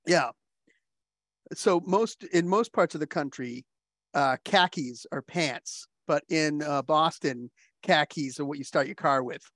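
A man's voice: fairly high pitch, measured pace, fairly bright tone, dry recording. Enthusiastic laughing male host, dry sound. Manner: enthusiastic, laughing, swears casually. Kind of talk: casual chat.

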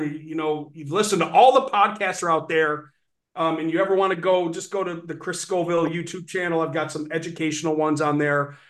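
A man giving an energetic sales training talk on a video call, animated and acting out sales pitches. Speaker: webinar presenter on sales financing.

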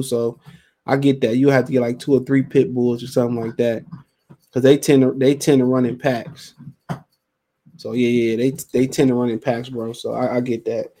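A man's voice: medium pitch, steady tone, moderate pace, darkish tone. A man hosting a casual solo podcast, talking in a slangy, profane, rambling way and reading out listener comments. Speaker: podcast host.

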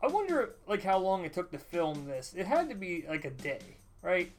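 A podcast co-host who makes dry, deadpan jokes while commenting on a cheap special. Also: medium pitch, moderate pace, soft background music. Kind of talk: casual riffing commentary.

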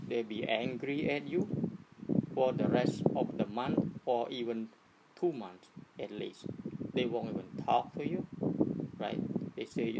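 A man gives a relaxed teaching talk in a gravelly, creaky voice. He talks in halting, repetitive bursts and keeps checking in with his listeners. A loud, steady noise sits under the whole recording. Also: mid-range voice. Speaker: speaker giving a talk on attachment.

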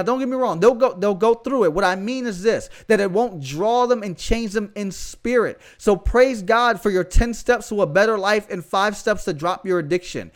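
Young man with a Southern US accent, high-pitched voice, fervent casual preaching style, slang asides. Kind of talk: podcast sermon.

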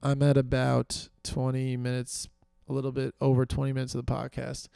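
A New York podcast host speaks alone in a gravelly, mellow, monotone voice of medium pitch at a moderate pace, with a clean tone. He rambles, filler-heavy and self-deprecating, sounding tired and fading. The studio recording has no echo.

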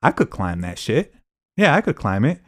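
A man's voice: medium pitch, sing-song, normal speed, no echo. Young man, casual podcast storyteller, profane and laid-back, dry close sound.

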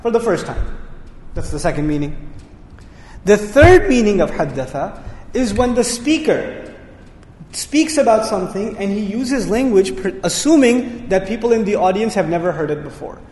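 Guy giving a quran lesson, quick, recites arabic bits, long hall reverb. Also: high-pitched, lively intonation, darkish tone. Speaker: Quran teacher. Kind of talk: tafsir lecture.

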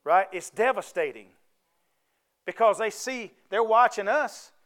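A man's voice: sits high, lively intonation, a little slow, fairly bright tone. A man preaching a sermon, folksy and conversational, often asking the congregation to answer back.

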